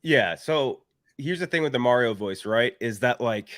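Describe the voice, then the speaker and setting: A man co-hosting a movie podcast, with a deadpan fake ad read that turns into relaxed, opinionated chat. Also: medium pitch, normal speed, dry recording, clean studio sound. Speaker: podcast co-host.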